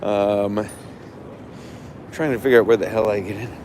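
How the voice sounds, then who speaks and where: A man's voice: on the low side, steady tone, normal speed, darkish tone. A man hosting a walking livestream. He talks brashly, rants and boasts. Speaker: livestream host. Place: outdoors around a stadium. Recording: noisy outdoor street sound.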